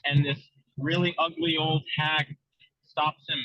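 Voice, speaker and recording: A man's voice: a little high, little pitch movement, unhurried, dry recording. A man hosting a casual podcast chat, telling a story in a loose way with many fillers, in a dull lo-fi recording. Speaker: podcast host.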